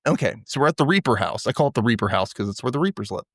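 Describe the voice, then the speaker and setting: A man's voice: medium pitch, lively intonation, rapid-fire, no room sound, clean studio sound. A man hosting a podcast, casually recapping a TV episode and acting out the characters' lines in little voices. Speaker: podcast host.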